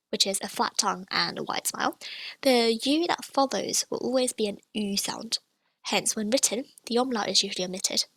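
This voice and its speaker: Woman teacher with a gravelly edge. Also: mid-range voice, fairly bright tone, dry recording. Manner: clear, demonstrates sounds slowly and repeats them. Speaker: language teacher. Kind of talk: explaining pronunciation in a lesson.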